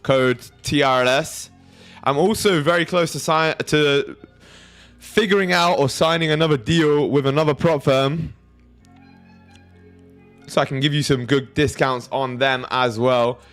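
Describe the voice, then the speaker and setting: A young man hosts a trading livestream in a slightly high, somewhat bright voice, speaking a little slowly over soft background music. His casual chat is loose and crude, and he reads viewers' messages aloud.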